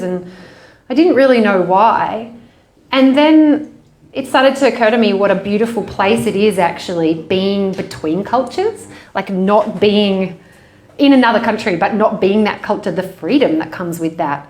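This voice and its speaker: A woman with an Australian accent, an author talking casually at a bookshop event, animated and laughing often. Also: mid-range voice, moderate pace, roomy sound. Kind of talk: conversational bookshop talk.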